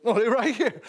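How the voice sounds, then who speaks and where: His voice sits high with a breathy edge, and his accent is Louisiana Southern. The male pastor preaches a sermon in church, punctuating it with animated call-outs and laughing asides to the congregation.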